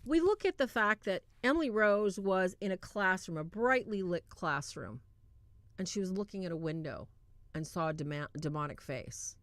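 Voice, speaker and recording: A woman hosting a livestream, retelling a film in a casual, animated way and acting out quoted lines. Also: fairly low pitch, normal speed, no echo. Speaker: livestream host reviewing a film.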